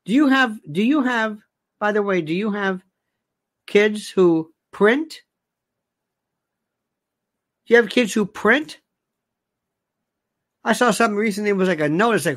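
An older host giving an animated, indignant monologue, reading listener comments aloud and firing off rhetorical questions. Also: medium pitch, moderate pace, long pauses, dry recording, clean studio sound.

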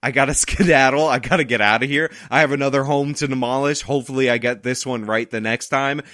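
A man's voice: mid-range voice, fairly even intonation, quick pace, fairly bright tone, dry recording, studio quality, natural voice. A man voicing a rude, careless man on a demolition crew with a put-on Southern accent. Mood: flippant. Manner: careless, brushing things off.

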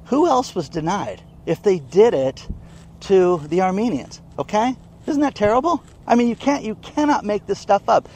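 A man's voice: high-pitched, expressive, moderate pace, a little mellow, slight background noise. A man giving casual, indignant news commentary in a vlog, often checking in with "okay?". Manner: indignant, emphatic, keeps asking "okay?". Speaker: online commentator.

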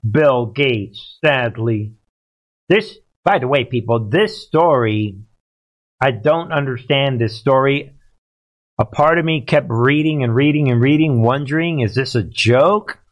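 A man's voice: medium pitch, lively intonation, unhurried. Rambling man hosting a political livestream. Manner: rambling, emphatic, talks to chat. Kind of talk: casual livestream commentary.

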